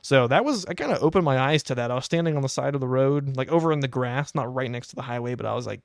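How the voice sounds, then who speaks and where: A young adult man hosting a podcast, telling a casual anecdote in a wry, animated way. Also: medium pitch, quick pace, creaky, few pauses, dry recording, clean studio sound. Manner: animated, wry storytelling with quoted asides. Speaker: podcast host.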